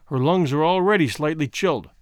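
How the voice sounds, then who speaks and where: A man voicing a grim, forceful man who speaks bluntly and threatens his rival. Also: fairly high pitch, a little fast, smooth, dry recording, studio quality, close to an everyday voice. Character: grim, forceful man defending a sick woman.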